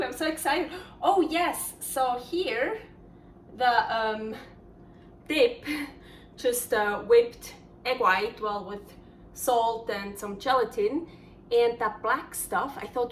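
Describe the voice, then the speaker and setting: A woman's voice: on the high side, slow, a little hiss or hum. A woman hosting a casual cooking vlog, chatty and enthusiastic as she thinks aloud. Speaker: cooking channel host.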